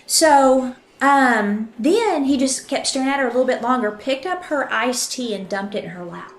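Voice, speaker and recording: A woman hosting a true crime podcast, retelling a case with lively acted-out quotes. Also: high voice, normal speed, echoey room. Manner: animated, acts out quotes. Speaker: podcast host.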